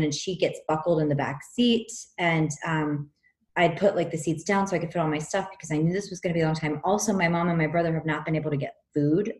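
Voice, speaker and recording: A woman co-hosting a casual chat, telling a personal story in an animated, frank way and swearing freely. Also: deep voice. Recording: roomy echo.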